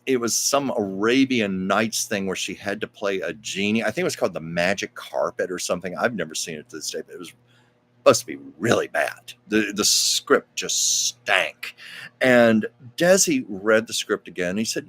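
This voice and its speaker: A man's voice: fairly low pitch, lively intonation, normal speed, a bit bright. A man hosting a live stream, telling stories in a chatty, rambling way and reading out viewer comments. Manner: chatty, rambling, with frequent fillers and asides.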